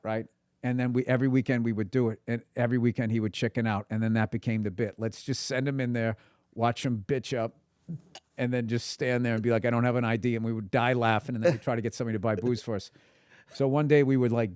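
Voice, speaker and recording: A man telling a story from his youth in casual chat, animated, laughing and swearing as he goes. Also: mid-range voice, smooth, dry recording, studio quality. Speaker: podcast guest.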